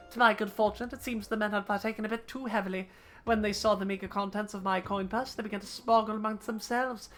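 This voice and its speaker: A woman's voice: mid-range voice, a bit bright, lightly acted. A woman voicing a young woman who poses as a meek, politely pleading milkmaid. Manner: prim, overly polite pleading.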